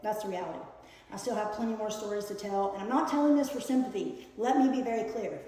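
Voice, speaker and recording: A woman telling a personal story in a casual storytime, earnest and hesitant, filling pauses with fillers while she paints. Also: mid-range voice, mellow. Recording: echoey room with long reverb.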